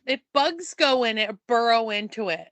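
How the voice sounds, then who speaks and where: A woman co-hosting a podcast in casual chat, a playful and animated storyteller. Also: fairly high pitch, normal speed. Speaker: podcast co-host.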